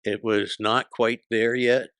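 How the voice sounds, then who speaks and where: A man in his sixties, a comedian guest, telling stories in casual chat with a punchy, profane delivery and quick character voices when he quotes people. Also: medium pitch, level tone, a bit bright, no room sound, clean studio sound.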